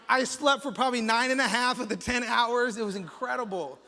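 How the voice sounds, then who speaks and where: A high, bright-voiced American man preaching as campus pastor, telling a story in a casual, joking way and often restarting his sentences. His voice rings out with a long reverb in a large church hall. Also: brisk, hardly any pauses. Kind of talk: sermon with prayer and storytelling.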